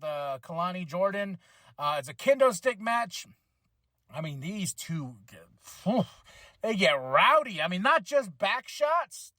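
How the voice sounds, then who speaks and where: A man hosting a podcast, recapping a wrestling show in an excitable, rambling way with many restarts. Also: sits high, dry recording. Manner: acts out wrestlers' lines in quick voices. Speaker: podcast host reviewing wrestling.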